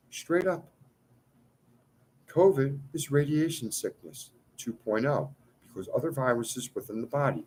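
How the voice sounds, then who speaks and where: A man's voice: mid-range voice, rough recording. Agitated ranting man, voice leaping around. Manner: agitated, pleading, swings between outbursts and muttering. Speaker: self-styled cleric addressing followers. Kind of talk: ranting monologue to followers.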